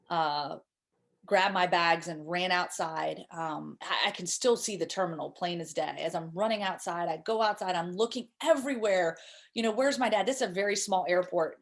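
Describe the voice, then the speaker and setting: A woman in her thirties, a guest in an interview, recounting a painful personal story in a halting, emotional way with many repeated words. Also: fairly low pitch. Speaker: guest speaker.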